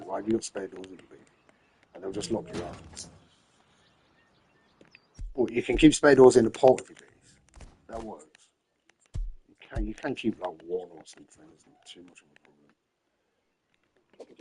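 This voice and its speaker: A man's voice: low-pitched, dark tone, slight background noise, low-quality recording. A man giving rambling, casual commentary as he plays a game late at night, tired and repeating himself while handing out tips. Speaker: gamer streaming his play.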